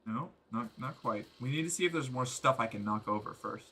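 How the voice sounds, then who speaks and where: A man streaming a game, giving excitable, joking commentary with crude humor. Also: mid-range voice, fairly quick, slightly rough. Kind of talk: gameplay commentary.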